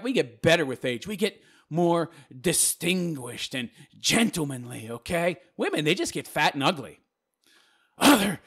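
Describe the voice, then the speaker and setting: A man's voice: high voice, a bit bright. A man reading out viewer comments and answering them in a sarcastic, mocking rant. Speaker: YouTube commentator.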